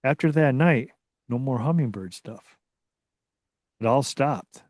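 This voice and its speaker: A man being interviewed as a researcher, telling a story in a casual, excitable way that rambles and restarts. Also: mid-range voice, slow, no echo, clean studio sound. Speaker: guest, Bigfoot researcher.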